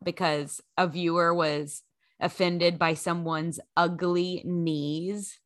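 A woman co-hosting a podcast in casual chat, quick to react with playful asides. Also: on the low side, flat delivery. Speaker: podcast co-host.

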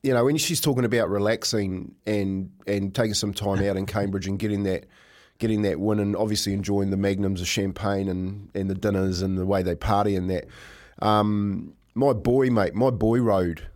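A man's voice: on the low side, steady tone, normal speed, darkish tone. A middle-aged man with a New Zealand accent, co-hosting a casual chat and telling a long story, rambling and saying "mate" a lot. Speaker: co-host.

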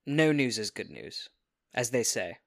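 Man with a bright sharp voice, playing his character all formal and polite. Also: mid-range voice, sing-song, a little slow, gravelly. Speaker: player. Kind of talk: in-character tabletop play.

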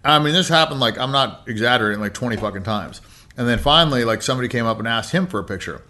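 Podcast guest, American man, thirties, loose profane storyteller, sharp bright tone. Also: medium pitch, lively intonation, fast. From United States. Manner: laid-back, heavy swearing, many fillers. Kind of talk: casual storytelling.

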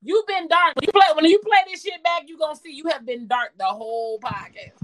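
A woman's voice: sits high, a little fast, a little hiss or hum, poor audio. A woman in her forties hosting a podcast, chatting casually, bluntly and profanely, and laughing often. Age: 40s. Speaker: podcast host.

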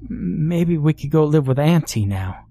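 A man voicing a timid, sheepish little girl who pleads softly in a raised voice. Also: on the high side, lively intonation, unhurried, a little hiss or hum, pitched above the performer's own voice. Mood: timid pleading.

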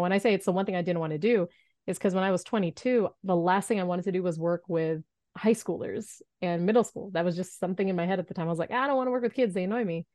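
A woman in her thirties telling a story as a podcast guest, animated and acting out the voices she quotes. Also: lowish voice, dry recording, clean studio sound. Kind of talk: storytelling in an interview.

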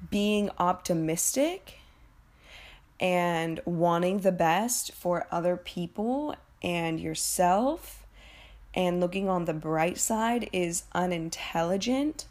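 A young woman telling a painful personal story in a candid, emotional way, swearing freely and often halting and restarting. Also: lowish voice, darkish tone.

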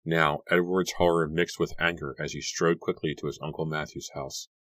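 A man narrating a horror audiobook in a measured, even reading. His voice is exceptionally deep, and the recording is dry and close with no room sound. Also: no room sound.

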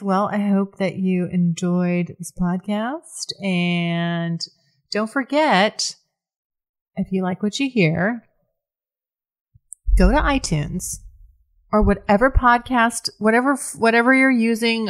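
A woman hosting her own podcast, talking frankly and casually on her own, swearing freely and often restarting her sentences. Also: mid-range voice. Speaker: podcast host. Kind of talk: candid solo podcast talk.

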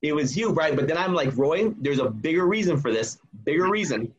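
Husky-voiced man telling a story. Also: on the high side, fairly quick, muffled recording. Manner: animated, acts out quoted dialogue. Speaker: guest telling a personal story. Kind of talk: casual storytelling.

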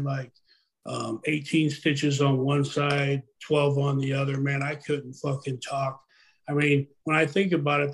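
A man, a former wrestler, telling his own story in a relaxed, profane, halting way. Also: on the high side. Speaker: retired pro wrestler, guest. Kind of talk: casual storytelling chat.

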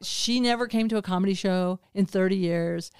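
Chatty middle-aged woman host, smooth voice. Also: mid-range voice, normal speed, no room sound, studio quality. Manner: chatty, expressive, laughs often. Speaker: podcast host. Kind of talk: casual conversation.

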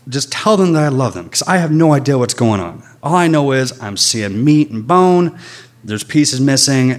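A man telling a personal story on stage before an audience, in a candid, animated way with a lot of swearing. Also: medium pitch.

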